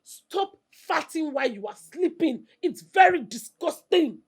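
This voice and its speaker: A woman's voice: a little high, sing-song, normal speed, husky. An actress playing an angry wife with a Nigerian accent, sarcastic and scolding her husband.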